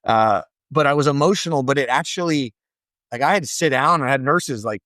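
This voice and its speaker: A middle-aged man recounts a personal family story with earnest feeling, his voice at an ordinary middle pitch. He is recorded dry and close, with no room sound around him. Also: a little fast, no echo. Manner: earnest, animated, acts out quoted voices. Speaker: podcast guest.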